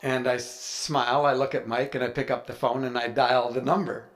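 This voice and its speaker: A man's voice: mid-range voice, level tone, moderate pace, gravelly. A man, an author, telling a chatty, anecdotal story with playful humor to a live audience. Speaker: author speaking at a writers' event.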